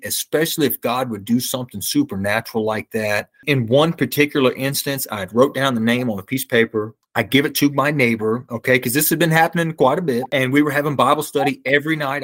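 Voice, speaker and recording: A man gives his testimony as an interview guest, speaking with fervent conviction. His pitch sits right in the ordinary middle for a man. He often doubles back on words as he drives a point home. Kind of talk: earnest testimony storytelling.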